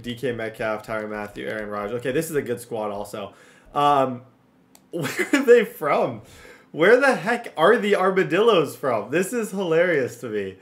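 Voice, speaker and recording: A young man giving casual, rambling gameplay commentary, jumping from low mutters to loud excited outbursts. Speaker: gaming YouTuber.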